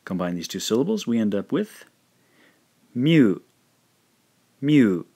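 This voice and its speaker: A man teaching a recorded language lesson, carefully modelling each syllable slowly and repeating it twice. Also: lowish voice, sing-song, dark tone, slightly rough.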